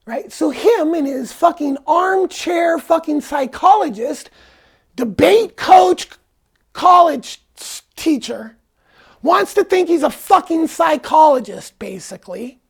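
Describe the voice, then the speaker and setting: A man's voice: very high-pitched, vocal fry. A man telling a personal story in a casual vlog, angry, profane and rambling. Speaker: vlogger.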